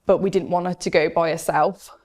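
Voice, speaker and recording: Woman, lowish voice, candid and reflective, telling her own story in an interview. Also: steady tone, brisk, darkish tone. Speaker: former Jehovah's Witness recounting her experience. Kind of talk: personal testimony interview.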